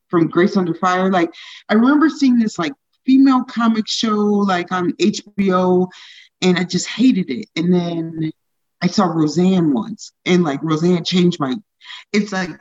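A woman comedian chats casually in an interview, her talk full of "like" fillers and quick laughs. Her voice sits at an ordinary middle pitch. It comes through on a dull, lo-fi recording in a dry room. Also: no echo. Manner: chatty, frequent "like" fillers, laughs often. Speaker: stand-up comedian, guest.

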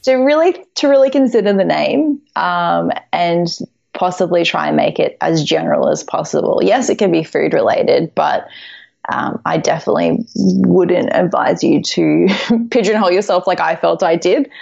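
A woman's voice: fairly low pitch, expressive, normal speed, creaky, highs cut off. A woman with an Australian accent, a food blogger guest chatting casually and encouragingly, often saying um and laughing. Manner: warm, encouraging, with frequent ums and laughs. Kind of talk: casual interview chat.

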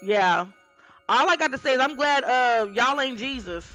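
A woman's voice: high voice, expressive, moderate pace, a bit bright, faint music behind. A woman in her forties co-hosting a podcast, talking bluntly and teasing the others. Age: 40s. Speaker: podcast co-host. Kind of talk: casual debate.

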